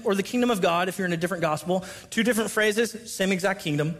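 Male pastor, high-pitched, conversational sermon delivery with dramatic dynamics. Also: fast talker. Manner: conversational preaching, reads scripture aloud, dramatic volume swings.

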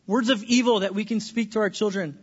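A man in his thirties preaching a sermon in a church, swinging between hushed, earnest lines and loud, playful bursts. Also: sits high, fairly even intonation, brisk, husky, muffled recording. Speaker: pastor. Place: church sanctuary.

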